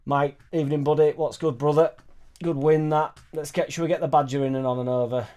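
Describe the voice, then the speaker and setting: A man's voice: a little high, fairly even intonation, fairly quick, dark tone. A man hosting a casual live stream from a home studio, chatting in a rambling, jokey way and reading out viewer comments. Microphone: suspended studio microphone.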